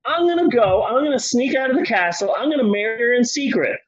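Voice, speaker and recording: Man voicing a fed-up young king, high, exasperated, defiant, lo-fi. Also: lively intonation, fast. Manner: exasperated, swearing.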